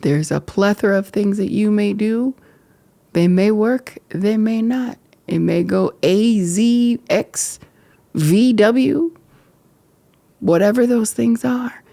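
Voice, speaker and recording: Emotional woman speaking in a gravelly, mellow voice. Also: mid-range voice, no room sound. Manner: emotional, reflective, halting at times. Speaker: podcast host. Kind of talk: candid personal talk to camera. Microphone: camera framing.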